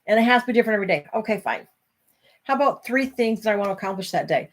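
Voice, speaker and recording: A woman's voice: mid-range voice, animated, racing. Sleepy woman rambling on a live stream, keeps saying sorry, middle-aged. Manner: rambling, apologetic, yawning, self-deprecating. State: tired. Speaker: self-help author hosting a live stream. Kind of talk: casual live-stream talk.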